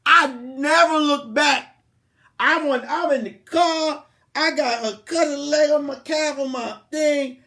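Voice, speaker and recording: A young man, a comedian hosting a podcast, telling a comic story and acting out the people in it, swinging from loud outbursts to hushed asides. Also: extremely high pitch, a little slow. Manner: animated, swings from loud to hushed, acts out quotes.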